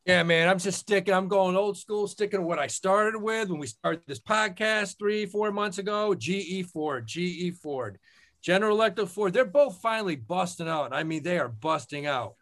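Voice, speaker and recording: Man co-host, high voice, emphatic, hyping stock picks. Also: normal speed, fairly bright tone. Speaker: podcast co-host. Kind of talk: stock pick pitch.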